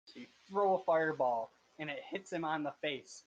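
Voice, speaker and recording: A man with a fairly high voice narrates a tabletop game as game master at a moderate pace, sounding hesitant and filling his speech with fillers and restarts. The recording has its highs cut off and a bit of hiss or hum.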